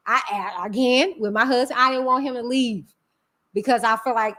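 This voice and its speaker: A woman's voice: fairly high pitch, normal speed, a bit bright. A woman hosting a live stream, talking candidly and emphatically to her viewers, calling them y'all. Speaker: channel host.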